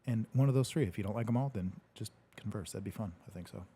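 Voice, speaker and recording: Laid-back man with a husky, low voice. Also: fast, mellow. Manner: laid-back, joking, swears casually. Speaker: podcast host reading live comments. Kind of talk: casual livestream chat. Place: home studio.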